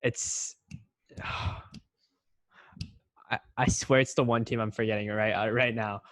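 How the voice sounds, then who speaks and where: A man's voice: lowish voice, level tone, a little slow, a bit bright, dry recording. A teenage young man on a casual sports podcast over a video call, trash-talking and joking as a quiz contestant. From United States. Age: teens. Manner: cocky, joking banter.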